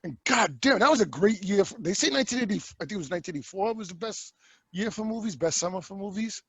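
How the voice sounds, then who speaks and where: A man co-hosting a movie podcast in casual chat, animated, acting out scenes in voices and swearing casually. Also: high voice, quick pace, husky, dry recording. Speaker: podcast host.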